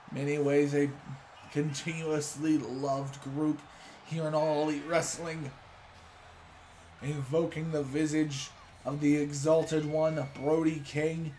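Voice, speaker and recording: Excitable man doing wrestling commentary. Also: fairly high pitch, slow pace, a little hiss or hum. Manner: excitable announcer hype. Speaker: commentator for a video game wrestling series.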